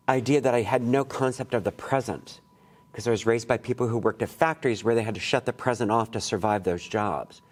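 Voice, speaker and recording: A man's voice: medium pitch, darkish tone. A man leading a college poetry workshop, talking casually and candidly to students, with rambling asides and casual swearing. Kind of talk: casual, digressive workshop talk. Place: college classroom.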